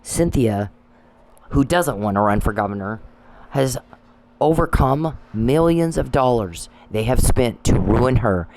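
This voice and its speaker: A man's voice: mid-range voice, animated, unhurried, a little mellow, a little hiss or hum, low-quality recording. A man delivering an angry, profane monologue that scolds people he addresses. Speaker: commentary channel host.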